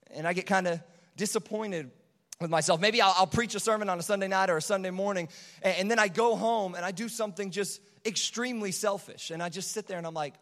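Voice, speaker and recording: A young male pastor with a fairly high voice tells a sermon as loose, rambling stories, packed with fillers and restarts. His voice rings out in a hall with a long, trailing reverb. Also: fast, a bit bright. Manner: rambling and conversational, full of "like" and restarts. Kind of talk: casual storytelling sermon.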